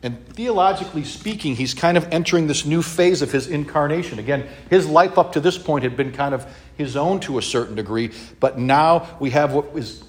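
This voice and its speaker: Male pastor, mid-pitched, chatty sermon delivery with quick audience check-ins. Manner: casual, checks in with listeners, humorous asides. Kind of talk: conversational sermon teaching.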